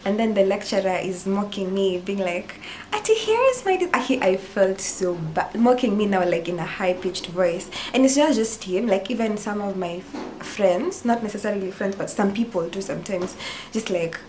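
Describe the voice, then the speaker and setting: A woman's voice: mid-range voice, normal speed, a little mellow, slight background noise. A woman in her twenties with a Kenyan accent, chatting casually to camera in a reaction vlog and switching languages mid-sentence. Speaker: YouTuber.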